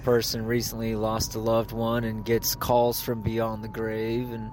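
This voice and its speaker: A man's voice: fairly low pitch, completely flat delivery, measured pace, background noise. A man calling in to a radio show and rambling, with a lot of fillers. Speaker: caller.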